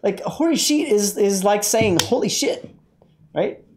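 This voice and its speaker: A man's voice: high-pitched, lively intonation, measured pace, a crowd in the background. A man hosting a casual livestream from inside his car, rambling, joking and talking back to his chat. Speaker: livestream host.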